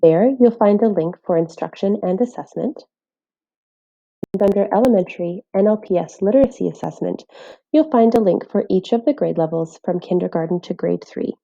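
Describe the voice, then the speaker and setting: A woman teaching phonics in a scripted voice-over, speaking clearly and carefully while sounding out letters. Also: medium pitch, normal speed, warm tone, muffled recording. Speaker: literacy teacher.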